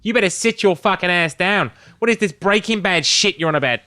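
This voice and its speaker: A man's voice: high voice, lively intonation, a little fast, pitched above the performer's own voice. A man playing a senior police officer who barks condescending, swearing put-downs at a rookie. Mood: scolding. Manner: loud, swearing, condescending barking.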